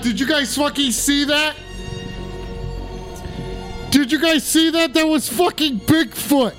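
A man giving profane, excited comedic commentary while high, yelling and rambling. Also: slow, long pauses, soft background music.

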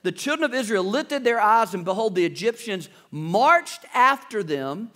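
A man's voice: high voice, animated, normal speed, sharp tone. A man preaching a sermon as pastor, reading scripture and acting out the panicked voices of the people in the story.

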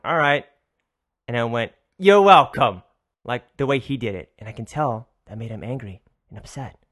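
A male podcast host spins a loose, animated yarn with an easy, conversational rhythm. He swears freely and often restarts his sentences. His voice sits at a middling pitch, neither high nor low. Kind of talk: casual storytelling monologue.

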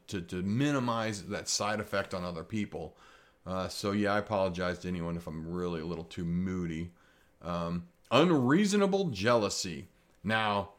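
A man with a somewhat low voice reflects candidly on his own habits. He rambles and restarts, stays self-critical, and swears casually as he goes. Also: fairly bright tone. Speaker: tattoo artist.

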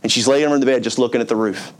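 A man delivering a sermon in a relaxed, talky way, leaning hard on key words and dropping in asides to his listeners. His voice sits at a middle pitch for a man. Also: racing. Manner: conversational and emphatic, with asides like "man" and "okay". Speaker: pastor. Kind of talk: storytelling sermon.

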